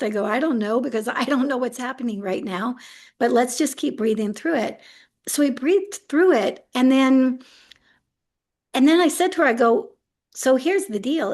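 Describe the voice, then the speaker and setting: A middle-aged woman being interviewed, telling a story in a relaxed, animated way, acting out what people said and laughing often. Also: fairly high pitch. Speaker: autism integration specialist, interview guest.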